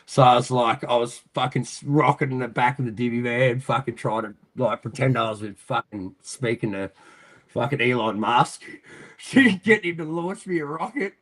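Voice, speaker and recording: An Australian man tells a story in a loose, rambling way, swearing freely and laughing often. He talks at a middling pitch as a relaxed podcast guest. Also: moderate pace. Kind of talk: casual storytelling.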